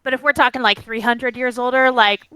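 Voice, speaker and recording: A woman player chatting at the table, her high, bright voice leaping around. She fills nearly every phrase with "like". The sound is dry and close. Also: fairly even intonation, fairly quick, clean tone, dry recording. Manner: filler-heavy, "like" every few words. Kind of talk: casual table chat.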